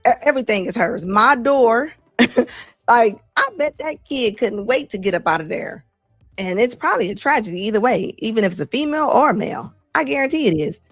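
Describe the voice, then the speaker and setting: A woman hosting a show where she reacts to clips, with animated, incredulous, slangy commentary. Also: a little high, brisk, no echo, studio quality, faint music behind.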